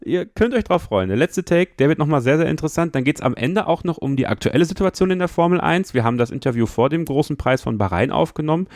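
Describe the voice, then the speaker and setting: A man's voice: fairly high pitch, expressive, quick pace, few pauses, darkish tone, no room sound, studio quality. A man, hosting a podcast with upbeat, teasing announcements and questions. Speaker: podcast host. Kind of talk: podcast presenting and interviewing.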